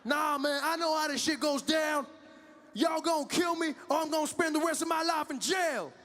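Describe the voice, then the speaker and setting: A man playing a scared, defiant American man in a police standoff who shouts that he is innocent. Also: extremely high pitch, normal speed, a little hiss or hum. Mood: defiant shouting. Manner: shouting, pleading his innocence.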